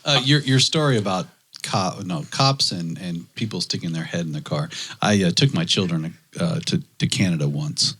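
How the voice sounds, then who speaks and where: A man co-hosting a podcast, telling a family story in casual chat, animated and laughing often. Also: deep voice, moderate pace, breathy edge. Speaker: podcast co-host.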